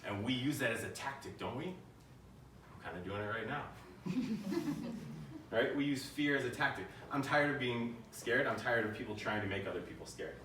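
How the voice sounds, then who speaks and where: A man giving a keynote to a room, talking in an easy conversational way and tossing questions out to the listeners. His voice sits at a middle pitch. The sound is roomy and echoing, with him a little off the mic. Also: sharp tone, distant mic, a little hiss or hum. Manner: conversational, asks the audience questions. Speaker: keynote speaker. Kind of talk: live keynote talk.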